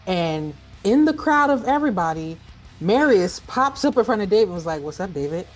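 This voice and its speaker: A woman's voice: mid-range voice, lively intonation, a little fast, faint music behind. A woman co-hosting a horror movie podcast, chatting playfully and slipping into silly sung bits. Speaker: podcast co-host. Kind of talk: casual chat.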